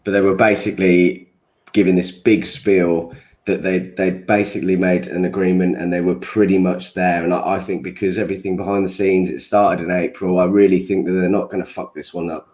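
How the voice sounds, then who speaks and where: A man with a low voice talks in a casual chat, sure of himself and repeating his hunches. He sounds relaxed and steady. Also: a little fast. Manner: assured, keeps saying he reckons.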